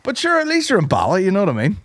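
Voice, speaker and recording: Male co-host, higher pitch, very lively, dry close sound, crude jokes. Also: racing, dry recording. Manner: crude, giggly, bursts of laughter. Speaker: podcast co-host. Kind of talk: casual banter.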